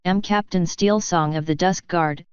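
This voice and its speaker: Stern pony captain bossing everyone around, woman reading it, super smooth voice, muffled dry sound. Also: fairly low pitch, a little slow, no echo, natural voice. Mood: commanding. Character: stern commanding stallion captain, furious.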